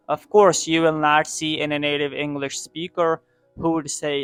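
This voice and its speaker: A man teaching English pronunciation, drilling each word by slow repetition as an English teacher. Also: fairly high pitch, steady tone, a bit bright, smooth, no echo, soft background music. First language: Pashto. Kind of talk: pronunciation lesson.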